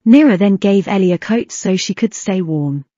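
Mellow woman reading an audiobook. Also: medium pitch, moderate pace, dry recording, lo-fi sound. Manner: steady reading with occasional slips. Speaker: audiobook narrator. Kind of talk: fan fiction audiobook narration.

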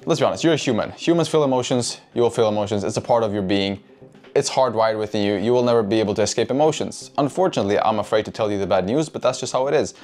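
A man's voice: lowish voice, racing, darkish tone. Profane, chatty man teaching trading. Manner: profane, keeps asking "right?", addresses chat. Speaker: trading educator. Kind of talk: casual whiteboard trading lesson.

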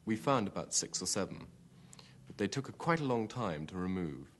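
A man, a former platoon commander, giving a steady, matter-of-fact account of a fight in a documentary interview. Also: lowish voice, moderate pace. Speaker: army platoon commander recalling a battle.

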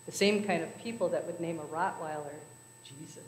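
A woman voicing a wry, deadpan talking parrot in a told joke. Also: on the high side, a little fast, a little hiss or hum, natural voice. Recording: echoey church hall.

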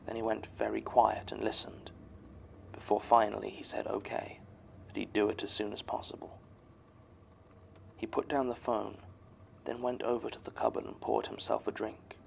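A man playing an archivist who reads a written statement aloud in scripted horror narration, measured and somber. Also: lowish voice, little pitch movement, gravelly, darkish tone, dull audio, a little hiss or hum.

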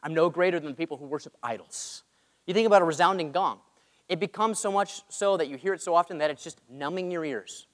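Man, young adult, sermon, animated, self-mocking, high voice, long hall reverb. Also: fast talker. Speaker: preacher. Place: large church hall.

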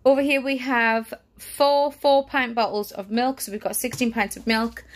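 A young woman, pregnant and breathless, vlogs her family's grocery haul in a chatty way, correcting herself often and laughing easily. Her fairly high voice holds a steady tone at a moderate pace.

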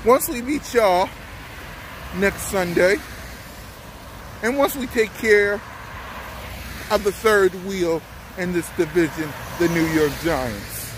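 A man's voice: high voice, takes it slowly, long pauses. A man vlogging a mocking, taunting sports rant and laughing often, with faint traffic outside. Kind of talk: trash-talking sports rant.

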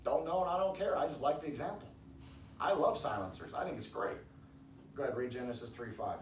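A man's voice: mid-range voice, fairly quick. Male pastor, casual sermon, rambling, emphatic bursts, roomy echo, faint noise. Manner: loose, rambling preaching with restarts, rising to loud emphatic bursts. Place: church hall. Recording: echoey room, distant mic, faint background noise.

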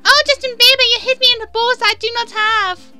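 A woman putting on a mocking impression of a whiny young male pop star, high and sing-song. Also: fairly even intonation, brisk, pushed and bright, faint music behind, exaggerated voice. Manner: mocking, exaggerated complaining.

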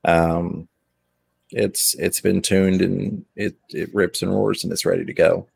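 A man's voice: low voice, flat delivery, measured pace, gravelly, a little mellow, breathy edge, dry recording. A middle-aged man hosting a casual chat, easygoing and rambling, often restarting his sentences. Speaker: host.

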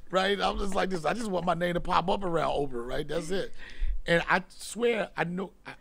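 A middle-aged man, a comedian and host, telling profane stories in casual talk and acting out scenes with loud bursts. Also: sits high, moderate pace, gravelly. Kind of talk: casual storytelling.

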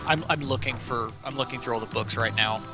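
A man's voice: mid-range voice, brisk, over music. A man co-commentating on a video game, with teasing, sarcastic remarks. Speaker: let's play co-host. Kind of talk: casual gameplay commentary.

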